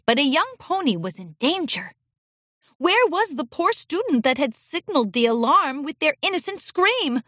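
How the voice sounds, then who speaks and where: A woman narrating a children's storybook with an expressive, animated reading. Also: high-pitched, moderate pace, dry recording, clean studio sound.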